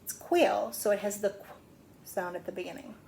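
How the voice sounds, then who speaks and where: A woman's voice: medium pitch, steady tone, normal speed, creaky, mellow, a little hiss or hum. A middle-aged woman teaching a phonics lesson to young children, patiently sounding out words.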